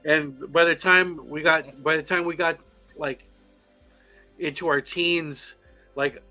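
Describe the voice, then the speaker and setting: A man's voice: a little high, steady tone, slow, bright, forceful tone, soft background music. A man co-hosting a podcast, telling a playful story in casual chat, swearing and acting out voices. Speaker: podcast co-host.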